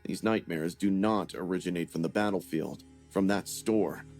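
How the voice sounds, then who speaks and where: Guy with a lowish voice reading a scary true story, steady and grim. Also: normal speed, faint music behind. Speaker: story narrator. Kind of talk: scripted first-person horror narration.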